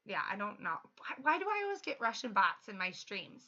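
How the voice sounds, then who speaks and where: A thirty-year-old woman chatting casually while livestreaming a game, upbeat and quick to laugh. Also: mid-range voice, sing-song, pushed and bright. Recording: slightly muffled lo-fi stream audio.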